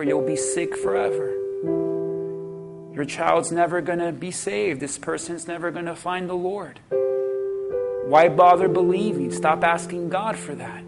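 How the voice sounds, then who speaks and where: A man preaching a sermon as pastor, calling out to the congregation and bringing them to a quiet prayer. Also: fairly high pitch, creaky. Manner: preaching with call-and-response, from shouted peaks to a hushed altar call. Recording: music playing under the voice.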